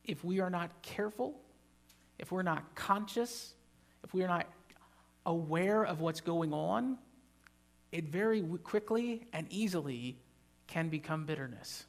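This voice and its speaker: With a high, gravelly voice, a pastor preaches in church, unhurried and leaving long pauses. He stays emphatic, climbing into loud, animated bursts and joking with the congregation.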